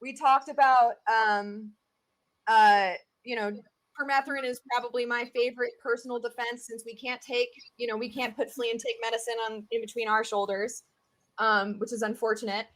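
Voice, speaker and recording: High-voiced Southern US woman, chatty. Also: moderate pace. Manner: chatty and animated, many fillers. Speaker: tick expert guest. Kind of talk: casual interview chat.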